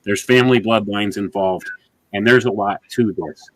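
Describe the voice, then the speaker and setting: A man with a fairly low voice hosts a religious interview, talking in an earnest, preacherly way. He leans on repetition for emphasis. His home mic sounds dry and close. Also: fairly even intonation, moderate pace, a bit bright, no echo, poor audio. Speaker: host. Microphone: home microphone with adjustable gain.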